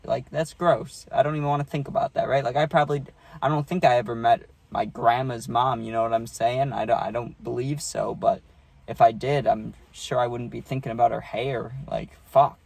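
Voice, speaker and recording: A man's voice: mid-range voice, fairly even intonation, moderate pace, vocal fry, a little mellow, no room sound. Man, loose swearing storyteller, middling voice, dry close recording. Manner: loose and profane, many fillers and tag questions. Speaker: vlogger. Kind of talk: casual storytime.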